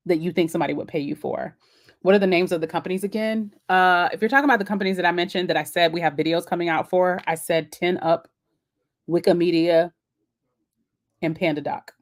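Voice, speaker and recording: A woman's voice: on the low side, a little mellow. A woman hosting a casual live-stream Q&A, chatty and encouraging as she answers viewers' comments on the fly. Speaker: host of a live Q&A.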